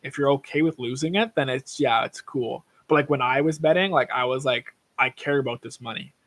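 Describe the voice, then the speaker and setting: A man's voice: mid-range voice, a little fast, a bit bright. A young man hosting a casual livestream, rambling through tangents about sports bets and swearing freely. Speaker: livestream host.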